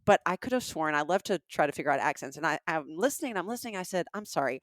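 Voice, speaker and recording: A woman's voice: fairly low pitch, lively intonation, racing, dry recording, studio quality. A woman with a Southern US accent, co-hosting a comedic podcast and telling stories in a chatty way with frequent ums. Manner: chatty storyteller, trails off with ums. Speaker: podcast co-host. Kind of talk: casual comedic chat.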